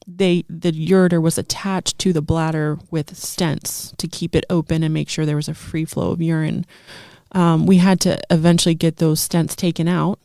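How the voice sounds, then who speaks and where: A woman's voice: sits low, little pitch movement, normal speed, darkish tone, no room sound, clean studio sound. A woman in her thirties, a guest telling a heartfelt personal testimony in conversation, earnest and full of fillers. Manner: earnest storytelling with frequent fillers.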